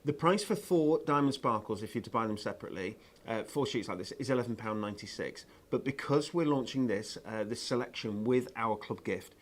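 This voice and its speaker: A man's voice: medium pitch, lively intonation, brisk, hardly any pauses. A man presenting craft products on a live shopping show, chatty and enthusiastic, with lots of ums and uhs.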